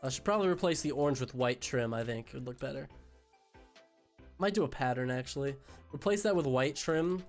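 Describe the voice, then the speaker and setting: Sick young man streaming, raspy from illness. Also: medium pitch. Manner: swearing, jokey, reads chat aloud. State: sick, voice going out. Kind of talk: casual live-stream chat.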